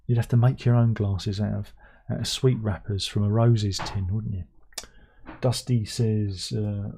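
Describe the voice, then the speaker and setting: A man's voice: lowish voice, steady tone, measured pace, creaky, warm tone, husky. A middle-aged man hosting a casual livestream, who reads out viewer comments and hums to himself between them. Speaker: livestream host.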